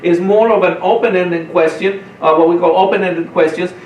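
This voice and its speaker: A man teaching real estate sales, talking fast and repeating himself, often checking in with "right?". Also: sits high, steady tone, a little mellow, reverberant, distant mic, a little hiss or hum, poor audio. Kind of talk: training talk.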